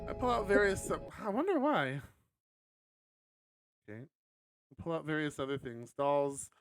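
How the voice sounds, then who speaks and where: A man's voice: on the high side, big pitch swings, measured pace, no room sound, studio quality, soft background music. A young man streaming, reading a visual novel aloud with laughing, rambling asides.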